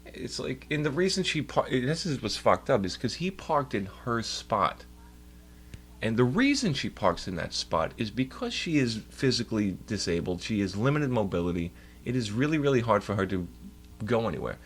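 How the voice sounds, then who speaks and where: A man's voice: mid-range voice, very animated, normal speed, a little hiss or hum. A young man streaming, telling a rambling, profane story in casual chat.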